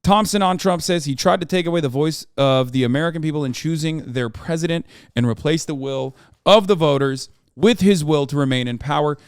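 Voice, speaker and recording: A man's voice: fairly high pitch, brisk, hardly any pauses, clear, resonant tone, dry recording, studio quality. A man in his thirties giving casual, profane live-stream commentary on the news and reacting to his chat. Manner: brash, profane, riffing on chat.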